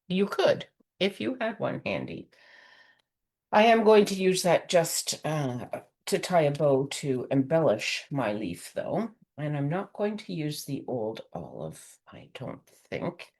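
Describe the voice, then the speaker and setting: A woman giving a rambling, friendly card-making tutorial, full of fillers and chuckles. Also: on the low side. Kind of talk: chatty craft tutorial.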